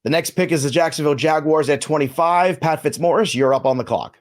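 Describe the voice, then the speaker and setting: A man hosting a panel draft who calls each pick briskly and teases the analysts. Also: on the high side. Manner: teasing, brisk. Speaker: host.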